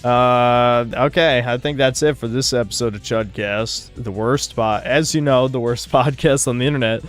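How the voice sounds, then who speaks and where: Man, podcast host, monotone, crude and offhand, clear smooth voice, faint music underneath. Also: medium pitch, moderate pace. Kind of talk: casual chat, reading viewer donations.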